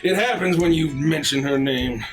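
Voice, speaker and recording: A huge old bear king, jovial and gruff, as a man acts him out at the game table. He booms with pride and warmth, pitched fairly high. Faint music plays underneath. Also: normal speed, natural voice. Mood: boisterous.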